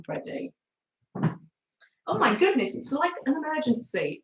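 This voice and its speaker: A woman's voice: on the high side, big pitch swings, measured pace, a bit bright. A woman hosting a live craft stream from her home craft room, rambling and laughing at herself and cooing fondly at her dog. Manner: rambling, self-mocking, laughs often, coos at her dog. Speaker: craft livestream host. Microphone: streaming camera on the table. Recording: roomy, slightly dull home stream.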